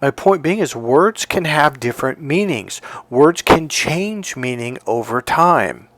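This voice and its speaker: A man speaking as a relationship coach in a motivational monologue, telling stories with animated delivery. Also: on the high side, unhurried, dry recording. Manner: animated storytelling, acting out dialogue.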